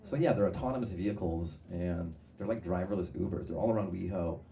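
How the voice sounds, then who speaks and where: A man's voice: low-pitched, fairly quick, vocal fry, mellow, echoey room. Guy doing standup at a club, goes off on tangents and laughs at himself, sounds far off and hissy. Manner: rambling, tangents, laughs at own jokes. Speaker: stand-up comedian. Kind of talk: stand-up comedy set. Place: comedy club stage. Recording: distant mic, noisy live room.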